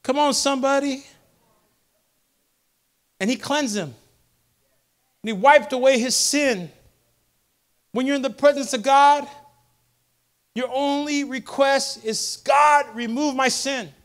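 High-pitched man preaching a fiery sermon. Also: takes it slowly, pauses often. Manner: impassioned preaching that builds to shouted crescendos; repetitive call-and-response rhetoric. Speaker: pastor. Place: church service before a congregation.

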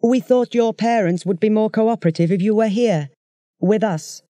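Soft cottony alien rat king done by a reader, slow, menacing, storybook tale, mellow tone, dry sound. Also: medium pitch, no echo, pitched above the performer's own voice, natural voice. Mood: coldly calm. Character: soft-voiced ancient rat-like alien ruler, cold. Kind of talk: storybook audiobook acting.

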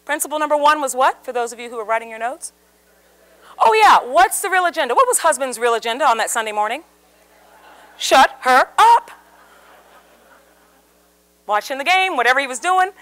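A woman's voice: high-pitched, fast. A woman giving a live seminar talk to an audience, telling a story and acting out the voices in it. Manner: animated storyteller, acts out quoted voices. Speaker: communication speaker.

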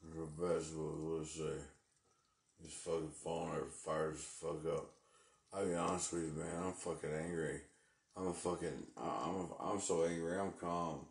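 A man's voice: extremely low pitch, flat delivery, moderate pace, gravelly, echoey room. A man talking live from his home into a phone, agitated and cursing as he rambles. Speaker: livestreamer. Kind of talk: live-stream rant. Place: at home indoors.

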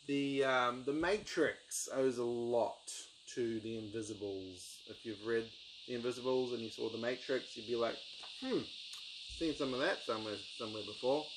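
A man chats through his book collection in a loose, rambling way, full of ums and restarts. His voice sits at an ordinary middle pitch. Crickets and outdoor ambience come through clearly behind him. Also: background noise. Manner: rambling, enthusiastic, lots of ums. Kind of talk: casual book review vlog.

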